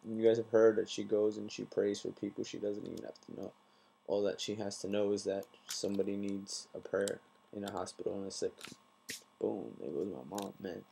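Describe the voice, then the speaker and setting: A man's voice: fairly low pitch, gravelly, mellow, slight background noise. A young adult man from the United States, talking earnestly to camera in a casual vlog and repeating phrases for emphasis. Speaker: vlogger. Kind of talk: casual heartfelt talk to camera.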